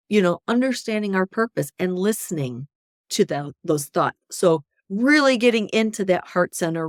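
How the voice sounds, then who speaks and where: Animated woman coach, dry sound. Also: mid-range voice, no echo. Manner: animated, often tags "right?", acts out inner voices. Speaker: hypnosis practitioner and coach. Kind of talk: conversational interview.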